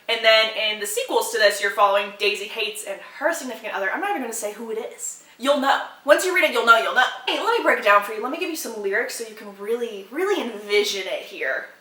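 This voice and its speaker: A woman's voice: fairly high pitch, fast talker, few pauses, echoey room. Bubbly young woman gushing about books. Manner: bubbly, excitable, laughs and half-sings lyrics. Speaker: book content creator. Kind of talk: casual chatty book recommendations.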